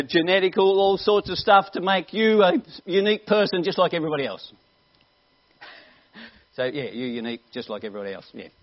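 Male evangelist, high-pitched, animated and playful, dull live church recording. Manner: animated, joking, teasing the audience. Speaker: evangelist preacher. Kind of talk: lively storytelling sermon. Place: church hall before a congregation.

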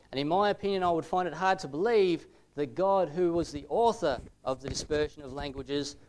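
English man, smooth measured teaching voice. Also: fairly high pitch. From England. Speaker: Bible teacher. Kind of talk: explanatory talk to camera.

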